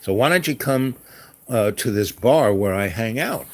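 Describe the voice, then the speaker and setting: A man's voice: medium pitch, lively intonation, measured pace. A man doing a cheerful woman clerk. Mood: giggly. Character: chatty friendly middle-aged woman clerk.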